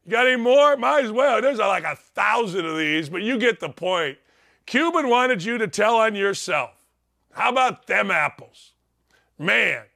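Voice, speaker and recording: A man hosting a sports talk show in a high-pitched voice. His tone is bright and sharp. He rants sarcastically and mocks with loud bursts. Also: expressive, normal speed, gravelly. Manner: sarcastic, mocking, loud outbursts, frequent laughing asides.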